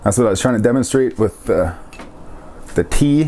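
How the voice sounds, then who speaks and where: Male language teacher with a mellow, relaxed tone, casual lesson, repeats words carefully. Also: mid-range voice, a little hiss or hum. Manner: repeats each word slowly to model its pronunciation.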